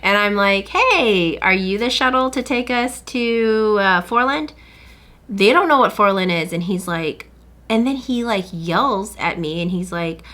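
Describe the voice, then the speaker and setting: Bright-voiced woman telling a story. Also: mid-range voice, a little slow. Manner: animated retelling, acting out other people's lines. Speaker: podcast host. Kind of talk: casual storytelling chat.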